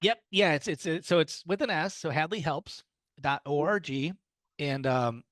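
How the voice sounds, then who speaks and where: A man's voice: on the high side, expressive, a little slow, a bit bright. A man speaking casually to a small group, telling stories with lots of fillers and restarts. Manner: friendly storytelling with fillers and restarts. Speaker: guest speaker on low-vision resources.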